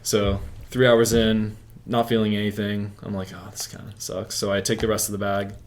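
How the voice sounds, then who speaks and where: Young man, interview guest, casual storytelling, rambling, filler-heavy, lowish voice. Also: monotone, moderate pace.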